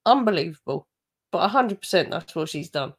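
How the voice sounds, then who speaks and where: A woman's voice: on the low side, expressive, fairly quick. Sarcastic woman commentating. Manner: sarcastic, gossipy asides. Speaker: reaction commentator. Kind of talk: mocking commentary over a video.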